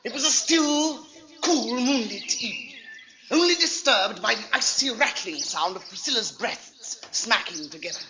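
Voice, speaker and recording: A wistful young undergraduate, voiced by a man, recalls his romance in a lyrical, mock-poetic tone. Clear hiss from an old vinyl record runs underneath. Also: very high voice, lively intonation, moderate pace. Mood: dreamy, lyrical. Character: dreamy romantic young Cambridge undergraduate narrator. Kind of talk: comic romantic monologue on record.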